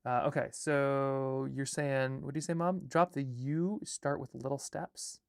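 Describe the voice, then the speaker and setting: Gravelly man thinking aloud on a livestream. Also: medium pitch, steady tone, measured pace, no echo, clean studio sound. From Alaska. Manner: rambling, reads chat comments and draft text aloud. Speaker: artist and filmmaker livestreaming.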